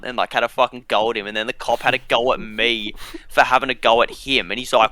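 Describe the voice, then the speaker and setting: Young Aussie male co-host, rambling sweary storyteller, crisp bright voice. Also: mid-range voice, fairly even intonation, fast talker, no room sound. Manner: sweary, filler-heavy storytelling. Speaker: podcast co-host. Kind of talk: casual storytelling chat.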